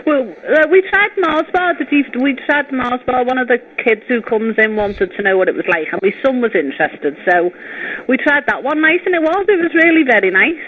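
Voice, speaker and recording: A woman with a Liverpool accent speaks over a thin, tinny phone line. Her voice sits fairly high for the line, and she answers politely and chattily, giving long explanations. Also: lively intonation, brisk. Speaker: chip shop worker. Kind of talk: phone call.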